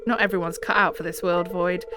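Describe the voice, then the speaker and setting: A British woman reading the lines of a gentle, scruffy man in a farming video game, earnest and a little defensive. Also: lowish voice, fairly even intonation, fairly quick, music in the background, pitched below the performer's own voice, close to an everyday voice.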